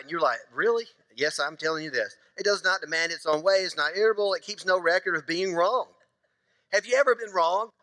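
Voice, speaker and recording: High bright-voiced joking pastor, man. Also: no echo, long reverb tail. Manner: conversational, joking preacher acting out little scenes. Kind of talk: sermon. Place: church sanctuary.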